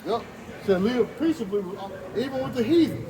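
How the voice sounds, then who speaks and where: A man leads a street sermon in a loose, chatty style, checking in with his listeners as he talks. His voice sits high, and he is picked up from some distance away. Heavy traffic roars around him. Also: animated, brisk. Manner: conversational, repeats "you know what I'm saying". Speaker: street preacher leading the group. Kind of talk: casual street preaching. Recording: distant mic, loud traffic noise.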